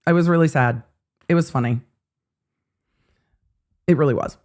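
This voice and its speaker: A middle-aged woman hosting a casual livestream of legal commentary. She chats with her viewers, swears freely and breaks into animated asides. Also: low-pitched, moderate pace. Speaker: host.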